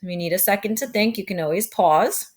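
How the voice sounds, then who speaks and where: A woman's voice: mid-range voice, fairly quick. A woman teaching a remote phonics lesson to young children, patient and upbeat, often checking in with "right?".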